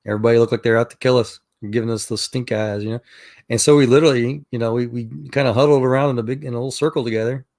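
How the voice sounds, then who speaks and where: A man's voice: medium pitch, fairly even intonation, rapid-fire, a little mellow. A middle-aged man from Texas telling rambling stories in a casual chat, with many fillers and restarts. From Texas, USA. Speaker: chat room participant.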